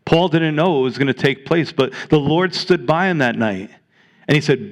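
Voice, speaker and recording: A pastor preaches a sermon to his congregation, earnest and exhorting, reading scripture aloud. His voice is a little high and he speaks at a normal speed.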